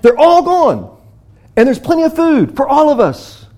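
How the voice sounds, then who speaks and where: A man's voice: very high-pitched, wildly swooping pitch, brisk, warm tone, slightly rough, pitched above the performer's own voice, heavily acted. A man voicing a jubilant leper who exclaims good news breathlessly, retelling a story in a sermon. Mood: overjoyed.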